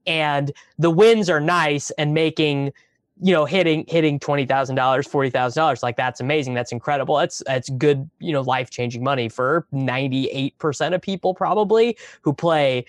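A man's voice: a little high, normal speed, dry recording. A man from the American Midwest with a plain Midwestern accent, chatting bluntly on a podcast and often repeating words as he starts a sentence. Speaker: podcast co-host. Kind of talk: casual chat.

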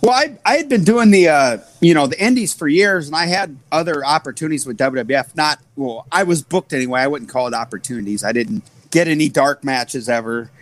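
A man in his forties from the US Midwest, a wrestler telling animated stories in an interview, full of fillers. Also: fairly high pitch, a little fast, few pauses. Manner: animated, full of fillers, acts out others' voices. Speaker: wrestler guest. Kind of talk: storytelling interview.

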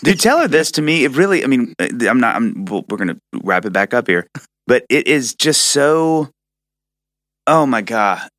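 A man co-hosting a music podcast, animated and emphatic, often trailing off mid-thought. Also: medium pitch, normal speed, no echo, clean studio sound. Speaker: podcast co-host. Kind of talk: casual music chat.

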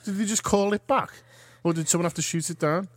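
A man in casual chat, bemused and animated as he reacts to the news. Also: sits high, fast talker, dry recording, clean studio sound.

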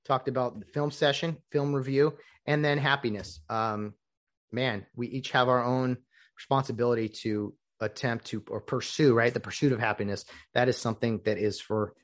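A man's voice: medium pitch, normal speed. Guy from the us doing a solo podcast, rambly, jumps into little quoted voices. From United States. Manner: rambling, animated, acts out quoted dialogue. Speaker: podcast host. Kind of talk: casual solo monologue.

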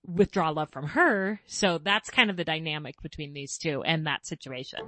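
Woman, podcast host, chatty, fairly low voice, dry close sound. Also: normal speed, a bit bright, dry recording. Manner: chatty, laughs easily, thinks aloud. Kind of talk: casual conversation.

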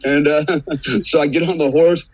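A man's voice: on the high side, measured pace, slightly rough, poor audio. An American man telling a long, profane story in a casual podcast chat, acting out the quotes. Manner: profane, animated anecdote teller acting out quotes. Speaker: guest.

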